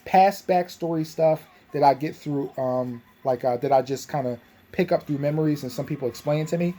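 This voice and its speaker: A man's voice: fairly high pitch, moderate pace, dark tone. A young man casually recapping a tabletop game session, rambling with lots of fillers and restarts.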